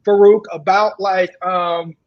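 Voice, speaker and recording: Woman, podcast co-host, casual chat, halting with fillers, dull lo-fi audio. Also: mid-range voice, fairly even intonation. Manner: hesitant, many fillers and restarts. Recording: dull lo-fi sound.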